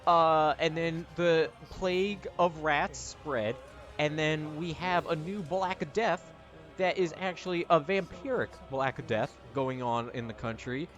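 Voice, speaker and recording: A man's voice: a little high, takes it slowly, a bit bright, soft background music. A man giving sarcastic, exasperated and profane reaction commentary while watching a movie. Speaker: YouTuber.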